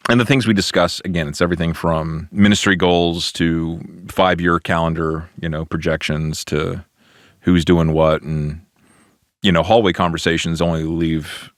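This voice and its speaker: A man hosting a church podcast, talking in a relaxed, reflective way with quick quoted asides. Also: sits low, no room sound, studio quality. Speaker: pastor and podcast host. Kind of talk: casual podcast conversation.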